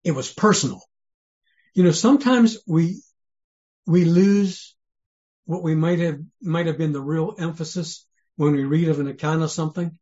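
A man's voice: a little high, moderate pace, pauses often, a little mellow. A man preaching a sermon in an earnest, conversational way. He asks many rhetorical questions and often restarts his sentences. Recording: dull lo-fi sermon recording.

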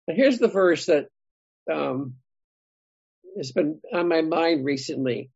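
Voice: medium pitch, animated, takes it slowly, vocal fry, long pauses, a little mellow, husky, dry recording, dull audio. A Bible study leader reading scripture to a group, thinking aloud and asking the group for their thoughts.

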